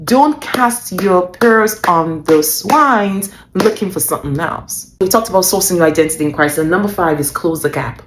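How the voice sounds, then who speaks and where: Animated woman preaching business faith. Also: fairly low pitch, moderate pace, hardly any pauses, echoey room, slight background noise. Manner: emphatic, repeats phrases for stress; laughs often mid-sentence. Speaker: faith-based business coach. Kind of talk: motivational Christian talk.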